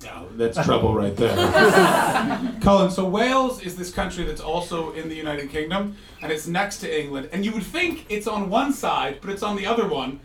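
A man hosting a live comedy podcast, telling stories in an animated, joking way, recorded from a distant mic in an echoey room. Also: sits high, moderate pace, a crowd in the background. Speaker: comedian host.

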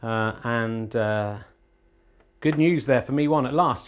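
A middle-aged man with an English accent, hosting a comedy podcast in excitable, hesitant mock snooker commentary. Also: medium pitch, takes it slowly. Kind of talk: comic mock sports commentary.

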